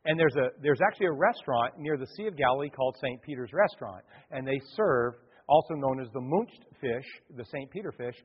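A male pastor delivering an animated sermon, acting out the voices of the people in his stories. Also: mid-range voice, a little fast, hardly any pauses, breathy edge. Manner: animated preaching, acts out quoted voices. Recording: dull sound, long hall reverb.

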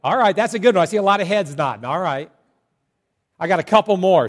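Animated high-voiced male pastor. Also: a little fast. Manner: joking, animated storytelling to a congregation. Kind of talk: sermon.

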